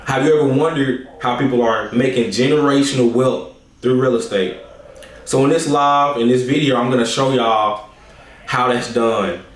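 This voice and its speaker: A man's voice: mid-range voice, fairly even intonation, moderate pace. Echoey, distant motivational speaker man. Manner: storytelling, repetitive, addresses viewers as y'all. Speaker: real estate investor and presenter. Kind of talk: motivational talk to camera. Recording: echoey room, distant from the mic.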